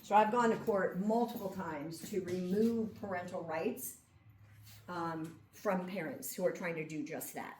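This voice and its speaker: In a lecture room, a woman with a lowish, darkish voice delivers a classroom lecture at a measured pace, keeping it conversational and often checking in with "okay?" and "right?". The room echoes, the mic is far away, and a faint hum sits in the background.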